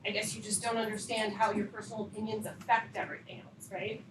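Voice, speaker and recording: A woman's voice: mid-range voice, little pitch movement, fast. A middle-aged woman, a parent, giving a public comment at a school board meeting and speaking emotionally and confrontationally. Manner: emotional, confrontational, rising intensity. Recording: echoey meeting room, distant mic, hiss.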